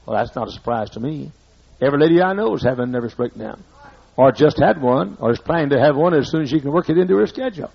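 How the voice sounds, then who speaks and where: A man's voice: medium pitch, expressive, fast talker, creaky, slightly rough. An older man with a Southern accent preaching a sermon as pastor, folksy and repetitive, hammering his points home. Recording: muffled lo-fi sermon recording.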